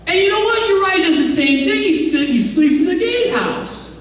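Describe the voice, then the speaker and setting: A man's voice: very high-pitched, lively intonation, moderate pace, fairly bright tone. A man preaching a sermon as pastor, telling the story conversationally with asides and acted-out voices, in a church sanctuary. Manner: acts out quoted voices. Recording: echoey hall, distant mic, faint room noise.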